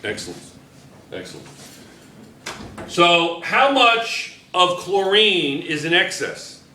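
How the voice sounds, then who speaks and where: A male chemistry teacher in a classroom, talking in a bright, forceful voice a little higher than most men. He repeats himself for emphasis and jokes easily with his students. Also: wildly swooping pitch, takes it slowly, echoey room, a little hiss or hum. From United States.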